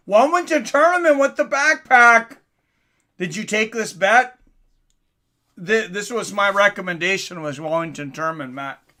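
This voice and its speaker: A man doing casual live commentary on a fight for his stream chat, getting louder and more excited at big moments. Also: sits high.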